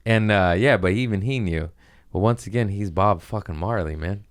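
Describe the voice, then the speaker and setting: A man's voice: fairly low pitch, moderate pace, no room sound, studio quality. A man hosting a podcast, chatting casually with loose, profane, jokey storytelling. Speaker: podcast host. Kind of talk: casual chat.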